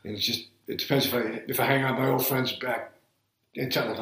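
A man in his seventies with a Boston accent, reading a passage aloud and then reminiscing casually in a plain, unhurried way. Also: medium pitch, fairly even intonation, a bit bright, echoey room, poor audio. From south of Boston, USA. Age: 70s.

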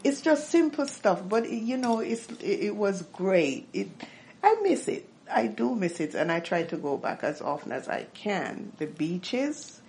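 A middle-aged Jamaican woman speaking casually in an interview, talking in a warm, nostalgic way and rambling with lots of fillers. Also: mid-range voice, big pitch swings, measured pace, a little hiss or hum. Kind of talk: casual reminiscing.

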